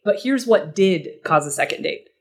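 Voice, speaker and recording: A woman speaking as a guest expert in a podcast interview, casual and animated, often acting out short quoted exchanges. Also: fairly low pitch, normal speed. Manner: animated, acts out client dialogue in quoted voices; casual, uses fillers like "like" and "you know".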